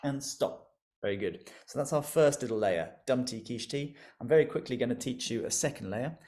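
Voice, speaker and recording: A man's voice: medium pitch, expressive, brisk, darkish tone, slight background noise. A man leading an interactive online music lesson over a video call, encouraging and playful, laughing often as he leads the group in call-and-response.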